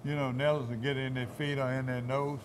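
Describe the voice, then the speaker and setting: Inside a meat shop, a man hosting a hunting and food show chats casually in a folksy, rambling way and repeats himself. His mid-range voice moves little in pitch and runs fairly quick, with slight background noise behind it.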